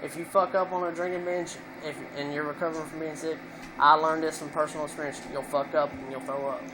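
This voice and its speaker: A man vlogger telling a rambling, profane story in casual chat, filling it with "you know" and getting loud at times. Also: a little high, little pitch movement, fast talker, crowd noise, poor audio.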